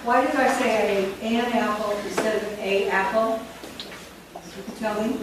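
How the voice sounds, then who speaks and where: Woman slowly dictating phonics, echoey room. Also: medium pitch, steady tone. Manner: slow, deliberate, sounds words out. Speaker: teacher trainer. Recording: echoey, distant, noisy room recording.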